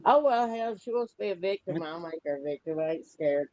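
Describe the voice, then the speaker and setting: A woman's voice: fairly low pitch, expressive, brisk, muffled recording, a crowd in the background. Blunt Southern woman with an upstate South Carolina drawl. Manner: blunt, salty, drawling storyteller. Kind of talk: casual gossipy chat.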